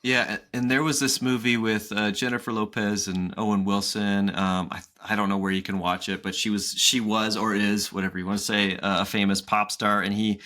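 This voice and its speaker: Man, 30s, podcast co-host, casual animated storyteller, bright forceful tone. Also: fairly low pitch, fairly quick, hardly any pauses. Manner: animated storytelling with acted-out quotes. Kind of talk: casual chat.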